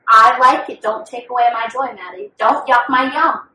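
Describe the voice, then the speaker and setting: The speaker, a young female podcast co-host, swears and overshares while chatting frankly about herself. Her pitch is a little high, her pace moderate, and her tone sharp. A distant microphone lends a roomy feel, with a bit of hiss or hum.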